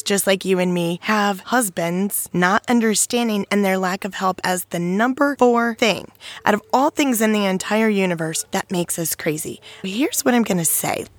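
A woman in her thirties talking to other mothers in a casual storytelling monologue, animated and acting out the dialogue she recounts. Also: no room sound. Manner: animated, acts out quoted dialogue with pitch jumps. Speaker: speaker addressing mothers.

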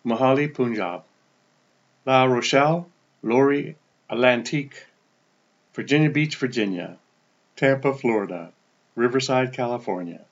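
Relaxed man reading out a place list. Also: a little slow, pauses often, highs cut off. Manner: relaxed, stumbles over foreign names and apologizes; pitch drops at the end of each place name. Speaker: podcast host. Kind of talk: casual podcast update, reading a list of listener locations.

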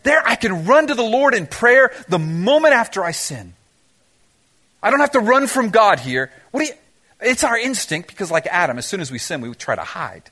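A male pastor delivers a sermon in a high, bright, forceful voice that swings widely in pitch. He keeps throwing rhetorical questions at the congregation and slips in quick humorous asides. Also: big pitch swings. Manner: preaching with rhetorical questions and dramatic pauses.

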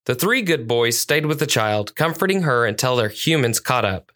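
A storyteller narrating a children's police story at a measured, clear pace. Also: medium pitch, big pitch swings, fairly bright tone.

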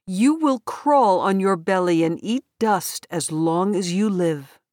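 A stern, grieving God speaks in a storybook, read by a woman. The voice is grave and measured, unhurried and level. It sounds close and dry. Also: medium pitch, lively intonation, a little mellow, no room sound.

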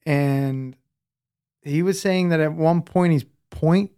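A man with a somewhat high voice trading stories on a podcast. He is lively and quick to laugh. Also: clean tone. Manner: animated storyteller, laughs easily. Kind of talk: casual chat.

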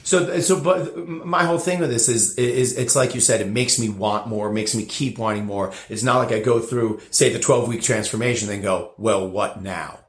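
A man's voice: medium pitch, steady tone, moderate pace, hardly any pauses. A man, a bartender guest on a podcast, telling a long story in a rambling way with many fillers and restarts. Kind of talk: casual interview storytelling. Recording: roomy echo.

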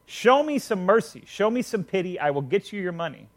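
A man's voice: high-pitched, big pitch swings, a little fast. A man voicing a poor male debtor who begs for mercy. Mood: begging. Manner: begging for mercy. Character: poor pleading man in debt.

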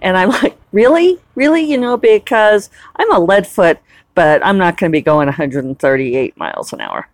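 A woman's voice: low-pitched, very animated, normal speed, no room sound. A woman in a casual, rambling chat who laughs often as she talks through her week. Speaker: author and vlogger.

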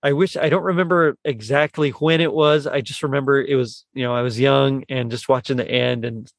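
A man hosting a casual movie podcast, talking in a rambling, halting way with lots of fillers and restarts. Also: mid-range voice, fairly even intonation, vocal fry, dry recording, studio quality. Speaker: podcast host.

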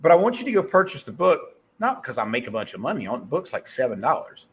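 A middle-aged man with a softened Southern US accent, hosting a podcast and giving a blunt, profane motivational pep talk that he keeps correcting mid-sentence. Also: medium pitch, sing-song, fast talker, slightly rough. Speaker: podcast host. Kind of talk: casual motivational monologue.

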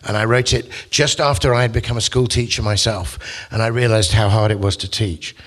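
A man's voice: lowish voice, steady tone, a little fast, a bit bright. Chatty man giving a rambling talk. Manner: chatty and rambling, with frequent asides and restarts. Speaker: poet and musician giving a talk. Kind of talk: casual lecture and poetry talk.

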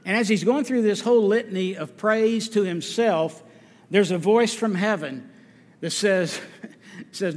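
A man preaching a sermon as pastor, earnest and deliberate, driving his points home with repetition. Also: high voice. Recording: long reverb of a church hall.

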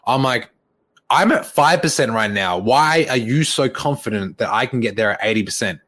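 A man's voice: mid-range voice, moderate pace. A young man, a fitness coach, casually retelling a story and acting out the lines of the people in it, with frequent laughs. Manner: animated retelling, acts out quoted dialogue, laughs often.

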